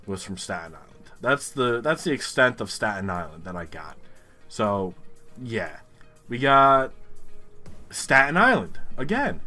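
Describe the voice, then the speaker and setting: A man's voice: lowish voice, sharp tone. A young man from New York commentating his own gameplay, exasperated and ranting with lots of swearing. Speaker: gaming YouTuber.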